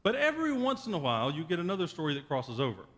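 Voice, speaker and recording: A man's voice: a little high, huge pitch swings, racing, a bit bright, big-room sound. A man preaching a sermon as pastor, retelling a story in a wry, joking way. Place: church sanctuary.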